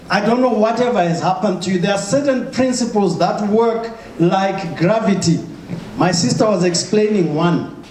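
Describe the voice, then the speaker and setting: A man with a high voice gives an emphatic motivational talk and keeps firing questions at his audience. The sound is echoey, with clear noise behind him, as if he is in a large hall. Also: a little mellow. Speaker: motivational speaker.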